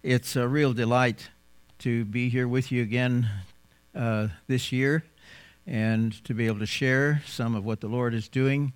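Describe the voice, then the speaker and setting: A man with an American accent, raised in South Africa, giving a folksy, unhurried mission talk to a church congregation with frequent pauses. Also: mid-range voice, steady tone, clear, resonant tone, dry recording. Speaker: missionary guest speaker.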